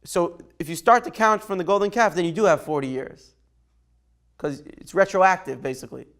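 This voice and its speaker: Guy teaching a torah class, slightly high voice, chatty, keeps asking "right?". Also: normal speed, fairly bright tone. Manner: conversational, takes questions by name, asks "right?". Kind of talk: informal Torah lesson.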